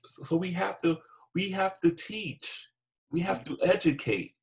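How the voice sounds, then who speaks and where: A man's voice: high-pitched, a little slow, creaky. A young man on a podcast, speaking earnestly and stumbling over repeated words. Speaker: podcast co-host. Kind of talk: heated podcast conversation.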